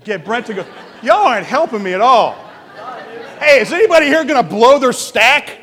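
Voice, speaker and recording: A man pastor delivering an animated sermon, asking the congregation questions. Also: very high voice, moderate pace, some chatter behind. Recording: long reverb of a large hall.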